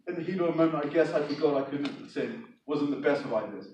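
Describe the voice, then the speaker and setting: A man's voice: fairly high pitch, animated, quick pace, hardly any pauses, darkish tone. A man with an English accent giving a storytelling speech, chatty and putting questions to his audience. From England. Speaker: speaker. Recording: echoey hall, mic far off.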